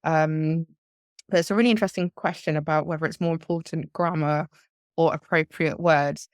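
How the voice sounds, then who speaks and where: A woman's voice: low-pitched, fairly even intonation, moderate pace, dry recording, studio quality. A woman, a language teacher, explaining exam tips in a live webinar, talking things through with restarts and examples.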